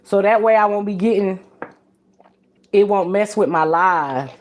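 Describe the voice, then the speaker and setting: A woman's voice: medium pitch, a little slow. A woman hosting a podcast livestream, talking casually and bluntly, with plenty of swearing and frequent laughs. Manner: blunt, profane and chatty; laughs often. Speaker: podcast host.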